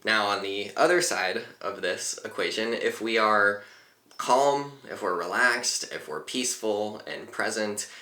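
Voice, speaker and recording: A man leading a guided meditation in a calm, unhurried, gently instructive way. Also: fairly low pitch, reverberant. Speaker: meditation teacher.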